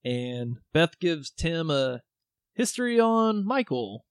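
A man's voice: on the high side, sing-song, slow pace, smooth, dry recording, clean studio sound. A man co-hosting a podcast, chatting casually, laughing often, swearing and acting out film lines. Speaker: podcast co-host. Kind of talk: casual chat.

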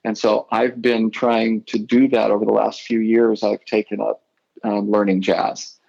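A man's voice: fairly low pitch, flat delivery, unhurried, vocal fry, darkish tone, lo-fi sound. A middle-aged man from Idaho, a guitarist guest, telling rambling stories in a casual interview and often correcting himself.

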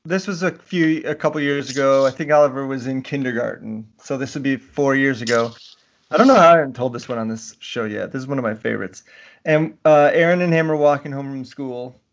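A man's voice: mid-range voice, fairly quick. A man co-hosting a podcast, telling a funny family story in casual chat and acting out the quotes. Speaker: podcast co-host. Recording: dull lo-fi audio with faint noise.

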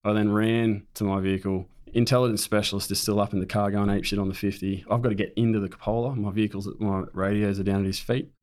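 A man's voice: fairly low pitch, level tone, quick pace, hardly any pauses, a little mellow. A man, a military veteran, bluntly recounting a combat ambush in conversation and swearing freely.

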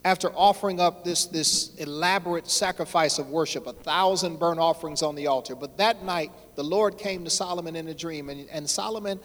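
A man preaching a sermon, repeating phrases and swelling louder on his key points, with a folksy way of addressing the congregation. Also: a little high, a little fast, hardly any pauses. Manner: folksy, addresses crowd as y'all. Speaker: pastor. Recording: long hall reverb.

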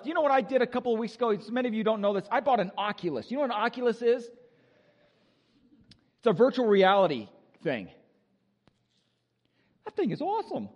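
A male pastor preaching an animated, joking sermon with exuberant energy. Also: very high voice, long reverb tail.

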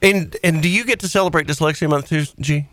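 A man hosting a casual comedic chat, teasing and quick with interjections. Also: fairly high pitch, a bit bright, no room sound.

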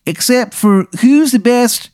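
A man putting on a high-pitched Baltimore wizard guy. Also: slow pace, darkish tone, clear, resonant tone, no room sound, studio quality. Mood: breezy smug. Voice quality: high nasal drawl, tacks on "hun". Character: cocky magical Baltimore man granting favors.

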